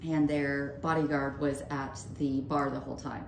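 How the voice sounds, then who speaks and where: Low-voiced woman telling animated stories. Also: moderate pace, vocal fry. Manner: animated, acts out quoted voices with big pitch jumps. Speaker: podcast co-host. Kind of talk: casual storytelling chat. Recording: echoey room with faint noise.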